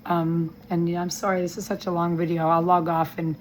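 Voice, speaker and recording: Woman with a low, strained voice. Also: little pitch movement, slight background noise, poor audio. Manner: earnest, rambling and halting, with many restarts; voice breaks with emotion. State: weak, strained voice. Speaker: vlogger giving a health update. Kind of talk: personal video update. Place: hospital room.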